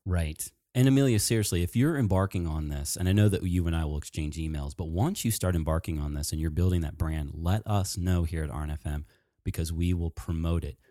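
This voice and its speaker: Excitable man with a low, dark voice. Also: no echo, studio quality. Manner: excitable, animated, talks fast. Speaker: podcast host. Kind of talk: casual chat.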